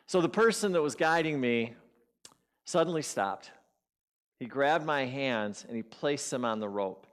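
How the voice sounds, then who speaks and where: A man's voice: medium pitch, unhurried. Man telling a story in a sermon. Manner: animated storyteller, acts out his inner voices. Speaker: guest speaker at a spiritual community.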